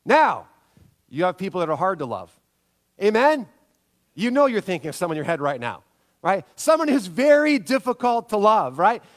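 A man's voice: high voice, normal speed. A man in his thirties preaching a sermon as pastor, telling stories with lots of energy and often asking the congregation for agreement. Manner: storytelling, animated, asks the audience for agreement.

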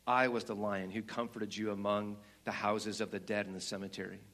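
A man doing a deep, slow, solemn lion. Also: level tone, a bit bright, close to an everyday voice. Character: huge wise male lion, calm and solemn.

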